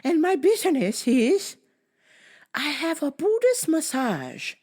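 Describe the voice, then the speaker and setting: Lady doing a pushy older massage saleswoman, squeaky high, broken halting english. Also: very animated, darkish tone, heavily acted.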